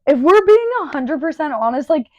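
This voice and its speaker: A woman's voice: high-pitched, animated, a little fast. A woman hosting her own show, ranting casually and profanely in an exasperated tone and laughing often. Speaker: podcast host and bartender. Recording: dry, slightly dull lo-fi recording.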